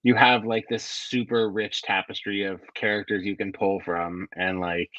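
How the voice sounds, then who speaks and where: A man's voice: fairly low pitch, flat delivery, moderate pace, fairly bright tone, dry recording. A man co-hosting a podcast in casual chat, hesitant and searching for words, recorded through earbuds. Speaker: podcast co-host. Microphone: AirPods. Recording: dull earbud mic sound.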